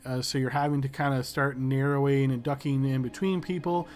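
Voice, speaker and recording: A man narrating a tabletop game as game master, descriptive and unhurried with many fillers. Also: mid-range voice, fairly even intonation, darkish tone.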